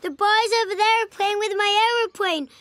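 A woman voicing a shy little boy rabbit, the younger brother, who speaks hesitantly and then bursts with excitement. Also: very high-pitched, a little fast. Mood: pleading. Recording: music playing under the voice.

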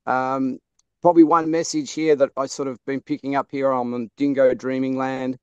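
An Australian man giving a soft, flowing blessing outdoors on a video call. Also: medium pitch, little pitch movement, moderate pace, clear, resonant tone, no room sound, muffled recording. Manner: soft, flowing, repeats "beautiful". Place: outdoors under a tree.

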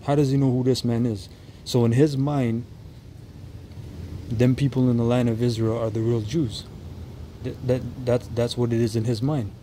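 A man giving reaction commentary on a street preaching clip, stumbling and restarting as he explains, then reading Bible verses slowly and deliberately. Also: medium pitch, little pitch movement, warm tone, a little hiss or hum, low-quality recording.

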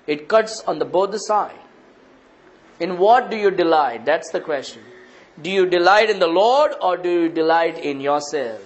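A man's voice: on the high side, animated, moderate pace, poor audio. A man with an Indian English accent, preaching a sermon as pastor, asking the congregation rhetorical questions and repeating phrases.

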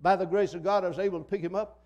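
A man's voice: high voice, fairly even intonation, rapid-fire, darkish tone, highs cut off. An older man preaching a sermon in a church, in a fiery, folksy manner that repeats phrases for emphasis. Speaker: pastor. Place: church sanctuary.

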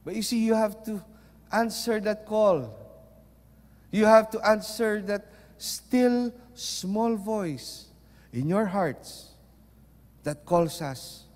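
A man preaching a sermon, mixing Tagalog into English and moving between loud and soft. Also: high-pitched, takes it slowly, pauses often. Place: church. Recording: long reverb of a large hall.

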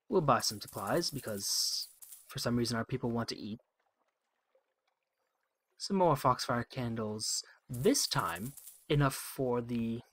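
A man hosting a game playthrough, reading text aloud and thinking out loud in a wry, musing way. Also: medium pitch. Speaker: let's play host.

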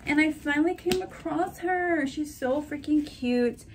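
Young woman, casual vlogger, slightly high voice, gushing and chatty. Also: a little slow, slight background noise. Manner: gushing, chatty, talks to her purses. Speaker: shopping vlogger. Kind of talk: casual chat to camera.

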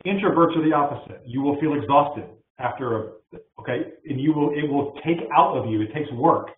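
A man presenting a webinar, answering audience questions in an energetic, hand-waving way from his office. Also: fairly high pitch, fairly quick. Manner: energetic, talks with his hands. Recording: echoey, tinny phone-like line.

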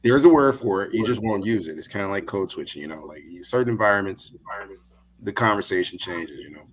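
A man joining a podcast conversation, speaking in a measured, hesitant way with many ums. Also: fairly low pitch, lively intonation, rough recording. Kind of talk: casual podcast talk.

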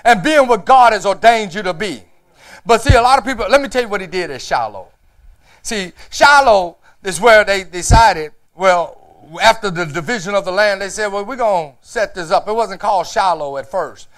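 High-voiced preacher, rising to shouts. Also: male voice, lively intonation, moderate pace. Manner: preaching with rising shouts and call-outs of "Huh?". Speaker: pastor. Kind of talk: sermon. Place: church.

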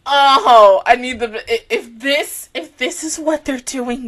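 A woman chatting through an anime reaction in a high, bright voice. She rambles and gets excitable and emotional as she talks. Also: moderate pace. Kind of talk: casual reaction commentary.

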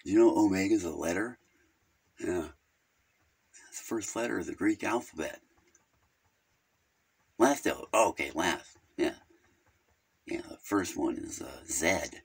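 A man's voice: low voice, animated, unhurried, long pauses, husky, exaggerated voice. A man playing a naive, rambling caller named Virgil who keeps drifting off topic on a phone call. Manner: rambling, easily sidetracked, crude. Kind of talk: comedic character phone call.

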